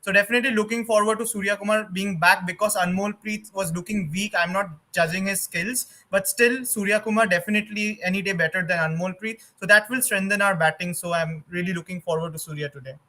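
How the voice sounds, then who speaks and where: A man's voice: high-pitched, steady tone, fast, hardly any pauses, sharp tone. A man, a fan guest talking eagerly and leaning on "like". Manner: eager, keeps saying like. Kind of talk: casual chat.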